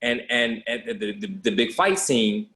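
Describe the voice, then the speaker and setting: A thoughtful man talks about a film on a casual podcast. He often stops and restarts his sentences as he works his ideas out. His voice sits at an ordinary pitch. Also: animated, unhurried, bright, forceful tone. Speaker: podcast guest. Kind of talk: casual movie discussion.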